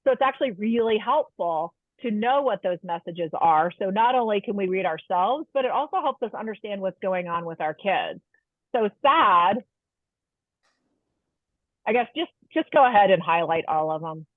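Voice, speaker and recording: A woman's voice: mid-range voice, lively intonation, moderate pace, no room sound. Woman presenting a webinar over a tinny line. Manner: warm explanatory, asks the audience questions. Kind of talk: webinar lecture. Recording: tinny phone-like line, dry.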